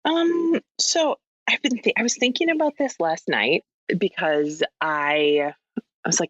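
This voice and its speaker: A woman's voice: lowish voice, a little slow, slightly rough, dry recording, muffled recording. A woman from Minnesota, a podcast guest, talking candidly and rambling in a casual phone conversation, laughing easily.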